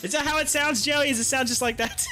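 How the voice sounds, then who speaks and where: A man's voice: very high-pitched, steady tone, fairly quick, pushed and bright, soft background music. A man hosting a stock market live stream, chatting casually, rambling, teasing his viewers and laughing often. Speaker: stock market livestream host.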